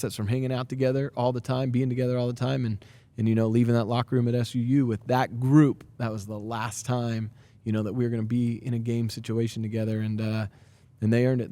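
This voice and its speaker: A man in his thirties, a high school basketball coach, talking in a podcast interview in an earnest, energetic way with many fillers and restarts.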